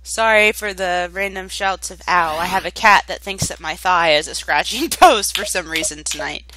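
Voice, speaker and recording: A woman commenting on a video game as she plays, excitable, yelping and shouting and swearing playfully along the way. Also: on the low side, normal speed. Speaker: gaming video host. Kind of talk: let's-play commentary. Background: game music.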